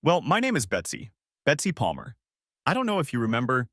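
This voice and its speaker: A man's voice: mid-range voice, huge pitch swings, fairly quick, fairly bright tone, no echo, studio quality. A chatty, friendly young woman. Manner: soothing, reassuring.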